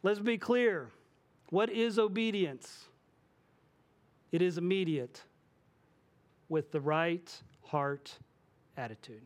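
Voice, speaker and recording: A man in his forties preaching a sermon as pastor, animated and acting out the voices he quotes. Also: high-pitched, slow pace, long pauses.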